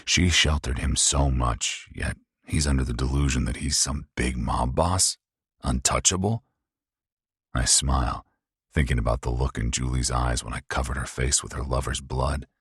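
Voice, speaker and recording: A middle-aged man narrating a story in a grim, measured way. His voice sits extremely low and husky, recorded bone-dry up close. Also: steady tone, fairly bright tone, no echo. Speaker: audiobook narrator. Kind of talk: first-person audiobook narration.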